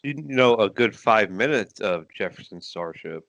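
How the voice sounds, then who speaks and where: A man's voice: fairly low pitch, animated, moderate pace, a bit bright, dry recording, highs cut off. A man co-hosting a casual podcast, stuffed up from a cold, making dry sarcastic asides. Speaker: podcast co-host.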